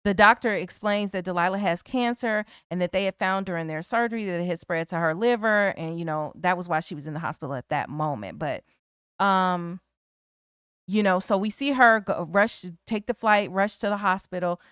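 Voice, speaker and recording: Woman, podcast co-host, animated retelling, smooth clear voice, dry close sound. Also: lowish voice, normal speed, no room sound. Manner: animated storytelling, acts out characters' lines. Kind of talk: casual film discussion.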